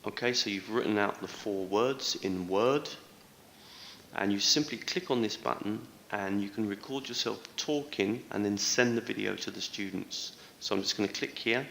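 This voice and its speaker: A man talks through a screencast tutorial, explaining each step clearly and stressing words with care. His voice sits low and bright, and it is heard played back in a roomy hall with a long ringing reverb. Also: normal speed, slight background noise. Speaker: teacher trainer.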